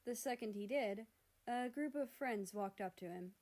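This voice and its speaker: A woman narrating fan fiction aloud in a steady, measured storybook reading. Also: on the high side.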